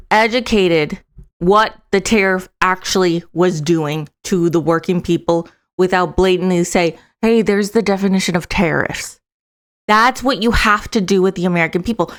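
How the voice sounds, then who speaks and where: A woman's voice: lowish voice, a bit bright. Emphatic young woman reacting casually. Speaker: commentator reacting to a speech.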